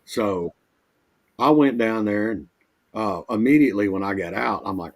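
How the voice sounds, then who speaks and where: Man, mobile RV tech, husky low voice, folksy easygoing storyteller, livestream call. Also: expressive, normal speed. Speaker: guest, mobile RV technician. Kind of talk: casual storytelling.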